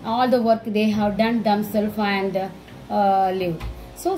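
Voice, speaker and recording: A woman teacher with an Indian English accent, giving an online class lesson. She explains slowly, repeating letters and words, with many fillers. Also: medium pitch, fairly even intonation, warm tone, soft background music, poor audio. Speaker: school teacher.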